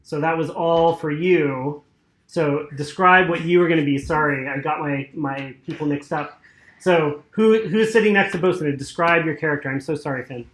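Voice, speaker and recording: A man's voice: fairly high pitch, moderate pace, fairly bright tone. Hesitant male game master, roomy echo. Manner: hesitant, many fillers and apologies. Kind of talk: narrating a tabletop game.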